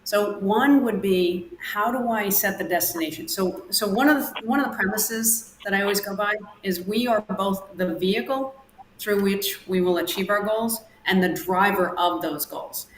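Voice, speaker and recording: A woman performance coach lays out her ideas in a measured, deliberate voice. The recording has a roomy echo with faint background ambience. She speaks at a middle pitch, explaining step by step. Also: a little hiss or hum. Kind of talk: interview answers, coaching advice.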